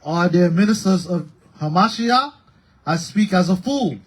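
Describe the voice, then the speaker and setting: Guy reading bible verses out slow, kinda husky, higher voice. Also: lively intonation, low-quality recording. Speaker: scripture reader. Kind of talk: reading scripture aloud.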